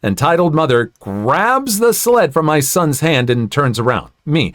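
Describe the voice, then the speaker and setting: A man narrates online stories aloud, his pitch moving in lively swings around a mid range. He adds sympathetic comments between readings. The recording is close and dry. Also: normal speed, hardly any pauses, no room sound. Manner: expressive, sympathetic asides. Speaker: story narrator.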